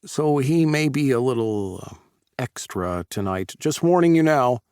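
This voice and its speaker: A man's voice: medium pitch, lively intonation, unhurried, darkish tone, clear, resonant tone, no room sound, studio quality, pitched above the performer's own voice. A man doing a weary, apologetic baker. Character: harried, apologetic male baker.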